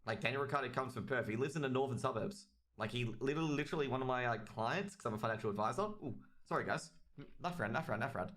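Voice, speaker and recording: A man's voice: mid-range voice, lively intonation, fast talker, a bit bright. A man with an Australian accent giving chatty, rambling solo commentary on a livestreamed match and talking straight to his chat. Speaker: esports caster.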